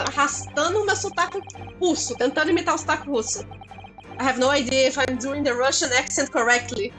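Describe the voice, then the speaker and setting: A woman streamer, a native Portuguese speaker, making quick joking asides during a game. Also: high-pitched, bright, forceful tone, faint music behind. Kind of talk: casual game commentary.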